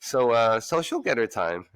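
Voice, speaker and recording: A man, a restaurant chef-owner, telling lively stories in an interview and acting out what people said. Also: mid-range voice, measured pace, smooth, no room sound. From Queens, New York. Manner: animated storyteller who acts out quoted voices. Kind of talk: casual storytelling interview.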